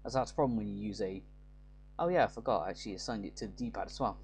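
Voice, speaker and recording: A man hosting a let's play gives loose, rambling gameplay commentary, correcting his words as he goes. His voice is lowish, creaky and somewhat dark, he talks fast, and faint music plays behind him.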